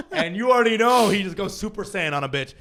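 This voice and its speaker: Animated young man telling a comic story. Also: high-pitched. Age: young adult. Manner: animated, acts out quoted family members, laughs often. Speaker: podcast co-host. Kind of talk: comedic storytelling.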